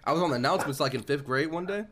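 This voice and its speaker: A man with a Midwestern US accent co-hosting a casual podcast and telling stories at a quick clip. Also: a little high, expressive, a loud crowd. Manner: rapid storyteller. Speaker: podcast co-host. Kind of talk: casual chat.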